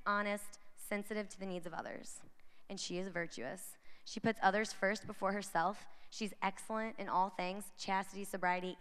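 A woman's voice: medium pitch, fairly bright tone, clear, resonant tone. Chatty woman speaking in a big echoing hall. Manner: chatty, addresses the crowd directly with frequent "right?". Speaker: conference speaker. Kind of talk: inspirational talk to young women. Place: large conference hall. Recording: long hall reverb from a large venue.

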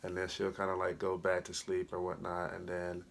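A man's voice: sits low, monotone, moderate pace, creaky. A husband talking casually and hesitantly with his wife about a past event. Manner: hesitant, with many fillers and restarts. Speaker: husband and co-host. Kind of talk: casual conversation.

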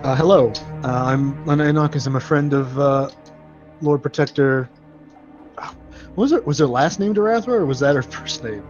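A man asks question after question as a tabletop player, mid-pitched and casual. It is a dull, lo-fi recording with faint music. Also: moderate pace, darkish tone. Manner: inquisitive, joking.

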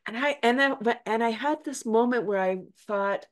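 A woman's voice: fairly high pitch, moderate pace. An older woman, a laughter yoga teacher, chatting as a guest with lots of laughs and acted-out quotes. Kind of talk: casual interview chat.

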